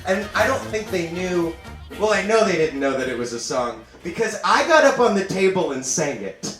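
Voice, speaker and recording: Male comedian, 20s, animated storyteller, live stage sound with a roomy echo. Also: high-pitched, moderate pace, recorded from a distance, faint music behind. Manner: animated, laughing through his own story. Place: stage in a venue.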